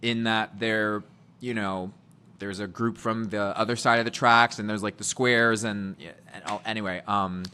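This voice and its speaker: Man, grew up in England, podcast guest, bright, eager, rambling. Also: on the low side, fairly even intonation, normal speed, slight background noise. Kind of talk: casual chat.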